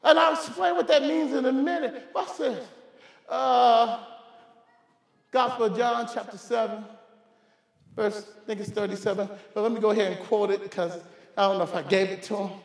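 A male pastor preaching a fervent sermon, often shouting and repeating words as he stammers. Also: very high-pitched, fairly even intonation, moderate pace, vocal fry. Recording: echoey church hall.

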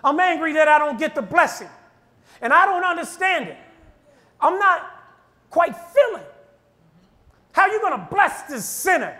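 Brief: man acting out resentful grown older brother, indignant rant, very high and forceful delivery. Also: sing-song, exaggerated voice. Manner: indignant rapid-fire complaining.

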